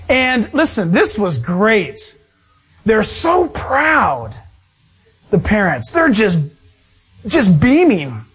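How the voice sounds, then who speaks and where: A man preaching a storytelling sermon, animated and chuckling as he acts out the voices of people he describes. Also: very high voice, slightly rough.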